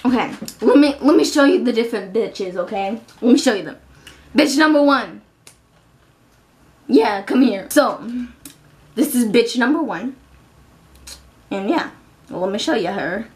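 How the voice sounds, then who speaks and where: A woman's voice: fairly high pitch, animated, measured pace, long pauses, darkish tone. A woman voicing a pushy male hustler in a comedic home video role-play, talking brash, coaxing and slangy.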